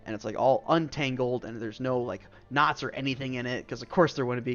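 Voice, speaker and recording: A man's voice: medium pitch, animated, brisk, few pauses, fairly bright tone. Rambling male game master, lo-fi. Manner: rambling, full of "like" and "um". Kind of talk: narrating a tabletop game. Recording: dull lo-fi stream audio with faint music.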